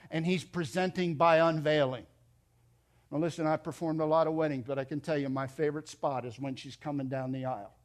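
A middle-aged male pastor preaching a sermon in a fairly high, expressive voice. He swings between loud emphatic lines and quiet, low asides. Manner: expressive preaching, voice rising and dropping.

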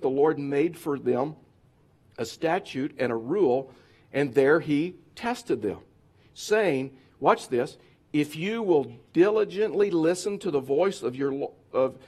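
Higher-voiced preacher man, emphatic and repetitive. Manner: emphatic, repeats phrases over and over. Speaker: pastor. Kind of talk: sermon.

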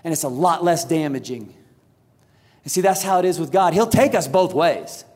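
Man in his thirties, pastor preaching, slightly high-pitched voice, animated storytelling, big hall reverb. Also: moderate pace. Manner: animated storytelling, acts out quotes. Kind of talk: sermon. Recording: large hall with long reverb.

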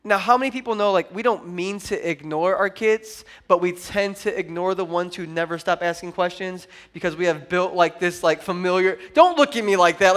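A man in his thirties, a pastor, preaching at a church service with animated storytelling and lots of "like". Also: high-pitched, brisk, few pauses. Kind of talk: sermon.

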